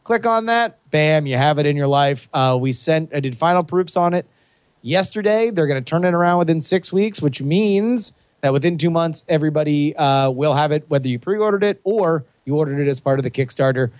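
A young adult man co-hosting a podcast, chatting casually and excitedly with many restarts. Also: a little high, brisk, clean tone, no room sound, studio quality. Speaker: podcast co-host. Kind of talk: casual chat.

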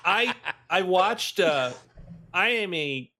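A man who writes, chatting casually on a podcast, rambling and animated, slipping into quick impressions. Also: high voice.

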